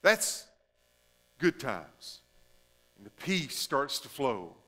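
A male pastor preaching a sermon, shifting between emphatic stretches and hushed, drawn-out phrases. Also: medium pitch, sing-song, long reverb tail.

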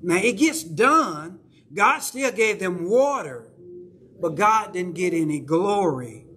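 A man's voice: high-pitched, lively intonation, takes it slowly, a bit bright, a little hiss or hum. A male pastor with a Southern accent preaching a sermon in a church, talking conversationally and checking in with the congregation. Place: church sanctuary.

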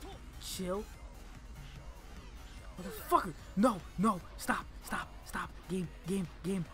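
Guy cussing out a game he's playing, bright voice, swings from mutters to yells, faint music behind. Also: high-pitched, sing-song, slow, long pauses. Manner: exasperated, swearing, yelling at the game; mutters under breath between outbursts. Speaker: gaming channel host. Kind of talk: casual let's play commentary. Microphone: desk microphone by a laptop.

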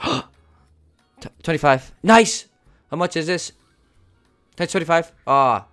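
A man doing live commentary on his slot play as a streamer, excitable and swearing often, talking to his viewers as "boys". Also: on the high side, takes it slowly, clean tone, faint music behind. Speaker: gambling streamer.

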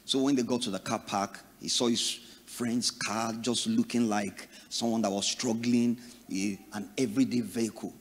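A middle-aged Nigerian man preaching a sermon, telling stories and acting out the people in them with sudden loud bursts. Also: mid-range voice, fairly even intonation, moderate pace, few pauses, a little hiss or hum. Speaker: pastor. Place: church. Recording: long reverb of a church hall.

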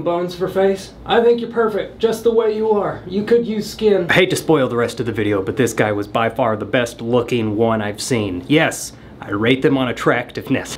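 A man's voice: fairly high pitch, slight background noise. A man hosting a comedic product-review vlog, sarcastically roasting cheap props with bursts of laughter. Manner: bursts of laughter and startled yelps.

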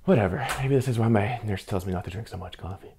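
Rambling low-voiced man reviewing film. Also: fast talker, a little mellow, slight background noise. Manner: rambling, self-interrupting, jittery from coffee. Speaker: film photography vlogger.

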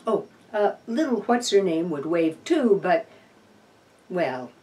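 A woman speaks in an unhurried, wry home-video chat, her voice rising and falling freely. She teases the audience and turns tender when she talks to her little companion. The mic sits some distance from her. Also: fairly low pitch, sing-song, a little mellow. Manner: dry playful humor, coos tenderly to her opossum. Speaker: opossum rescuer and vlogger. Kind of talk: casual chat to camera.

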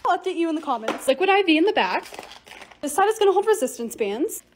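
Bubbly fast-talking young woman vlogger. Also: very high voice, sing-song. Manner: bubbly, chatty narration of hauls and projects. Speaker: lifestyle vlogger. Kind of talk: casual vlog voice-over.

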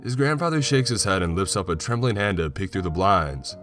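A man narrating a horror story in a slow, measured way. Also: low voice, lively intonation. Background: soft music.

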